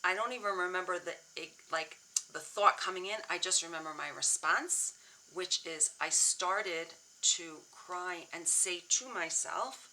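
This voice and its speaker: A woman's voice: on the low side, a little slow, bright, forceful tone, poor audio. A middle-aged woman therapist sharing a personal story, speaking candidly and earnestly with frequent restarts, emotional at times. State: emotional, near tears. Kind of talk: personal reflective talk.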